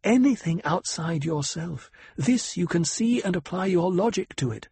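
A man voicing a cool, cutting noblewoman who lectures in a measured, calm way, with a breathy tone. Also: high-pitched, dry recording, voice pushed up, full character voice. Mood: cold, probing. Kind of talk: audiobook character voice.

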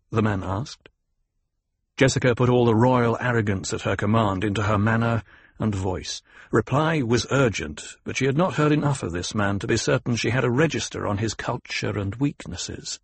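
A man narrating a novel in a steady, even storytelling manner. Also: on the low side, moderate pace, gravelly, slightly rough, dry recording. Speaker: audiobook narrator. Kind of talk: scripted narration.

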